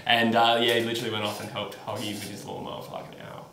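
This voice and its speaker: A man's voice: on the low side, little pitch movement, racing, vocal fry, bright, forceful tone. A young man co-hosting a podcast, telling stories animatedly and laughing often. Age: young adult. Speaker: podcast co-host. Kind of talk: casual chat. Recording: echoey room, faint noise.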